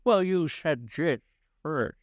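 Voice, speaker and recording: A man co-hosting a casual comedic chat, teasing his partner with quick jokey comebacks. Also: fairly high pitch, expressive, dry recording. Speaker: podcast co-host.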